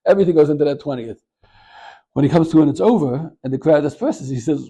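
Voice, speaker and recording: Fast-talking gravelly rabbi telling a story. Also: male voice. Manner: animated storyteller, gets louder and higher at the story's peak. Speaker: rabbi and Torah teacher. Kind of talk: short Torah talk with storytelling.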